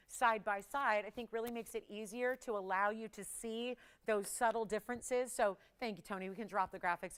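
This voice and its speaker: A woman's voice: medium pitch, fairly bright tone, smooth. A woman hosting a live on-air jewelry shopping show, chatty and playful, laughing often and teasing the crew. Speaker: shopping channel host.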